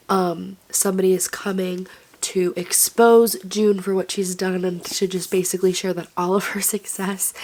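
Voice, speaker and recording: A woman's voice: mid-range voice, darkish tone. Brief: woman, 20s, book vlogger, casual rambling chat, plenty of fillers. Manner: chatty and rambling, full of "like" and "literally".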